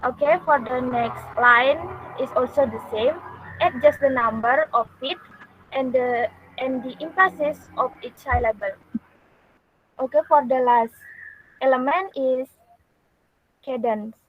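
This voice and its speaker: A young woman, a university student, giving a class presentation in a careful, halting way with pauses. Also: high voice, a little hiss or hum. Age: young adult. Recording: dull lo-fi recording.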